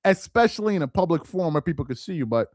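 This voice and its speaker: Male live-stream commentator, high voice, dry close sound, slangy and repetitive delivery. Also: very animated, very fast, darkish tone, no room sound. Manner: loose, slangy, repeats himself for emphasis.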